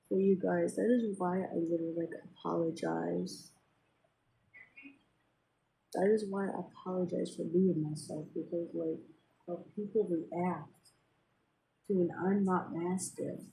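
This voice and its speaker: A woman's voice: lowish voice, steady tone, normal speed, vocal fry, dark tone, slight background noise, poor audio. A woman venting in a casual, rambling way to her viewers, with many fillers and restarts. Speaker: vlogger. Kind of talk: casual personal venting to camera.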